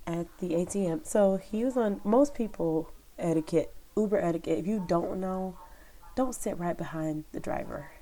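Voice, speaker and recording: Woman, lowish voice, casual vlog storytelling, rambling, chatty, lots of fillers. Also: mellow. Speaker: vlogger, former rideshare driver.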